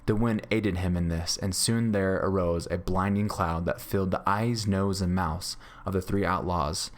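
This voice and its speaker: A male teacher reads a classic adventure story aloud to his class. His voice is low, and his reading is steady and clear. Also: normal speed. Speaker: grade school teacher.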